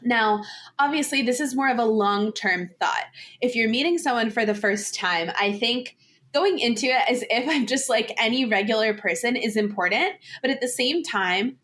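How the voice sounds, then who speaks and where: Chatty young woman, higher voice. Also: normal speed, fairly bright tone. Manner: chatty, candid, heavy use of "like". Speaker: podcast guest. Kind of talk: casual podcast conversation.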